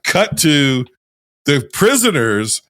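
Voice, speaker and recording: A man's voice: a little high, sing-song, slow, a bit bright, no room sound, clean studio sound. A man hosting a podcast, casually retelling film scenes with restarts and swearing. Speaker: podcast host.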